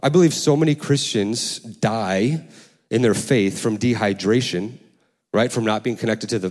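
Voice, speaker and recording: Conversational pastor preaching in a reverberant hall. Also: male voice. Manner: conversational, repeats and restarts words often; lively storytelling with sudden pitch jumps. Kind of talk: sermon. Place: church sanctuary.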